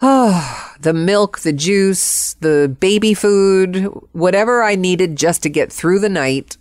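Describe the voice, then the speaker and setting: A woman telling a personal story in a vivid, expressive way, acting out the quotes. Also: lowish voice, slow, no echo, clean studio sound.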